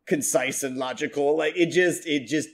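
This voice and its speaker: A man's voice: fairly high pitch, normal speed, vocal fry. Rambling, profane man co-hosting. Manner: profane, rambling, animated storytelling. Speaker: podcast co-host. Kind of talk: casual chat.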